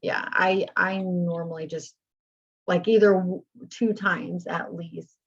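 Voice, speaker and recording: A woman instructor giving brief, halting answers about signing. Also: lowish voice, steady tone, vocal fry. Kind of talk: answering in an online class. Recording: muffled lo-fi recording.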